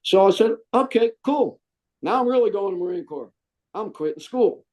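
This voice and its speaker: His voice sits high and his pace is moderate as this middle-aged ex-Marine tells his story to an interviewer. He's animated, impersonating the voices he quotes.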